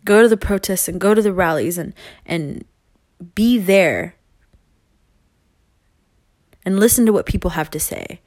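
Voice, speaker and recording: A woman's voice: medium pitch, moderate pace, a little mellow, dry recording, studio quality. A young woman talking straight to her viewers in a rambling, earnest way, laughing often and swearing casually. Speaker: vlogger.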